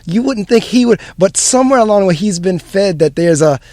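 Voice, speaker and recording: A man's voice: high-pitched, expressive, a little fast, darkish tone, no echo. A man, an educator hosting an interview, agreeing with his guest and retelling stories. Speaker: host and educator. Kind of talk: conversational interview.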